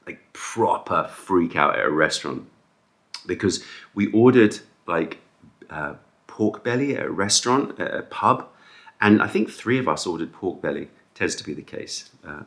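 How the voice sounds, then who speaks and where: A man vlogging in a casual storytelling style, rambling through anecdotes with fillers and restarts, acting out the people in them. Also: deep voice. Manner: acts out quoted people with raised animated voice.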